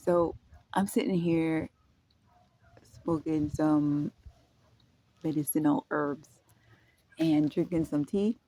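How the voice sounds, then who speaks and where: A woman vlogging at home in a casual, rambling way, halting and restarting, breaking into laughter. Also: low voice, steady tone, dark tone, a little hiss or hum. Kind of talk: casual spoken reflection. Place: indoors at home.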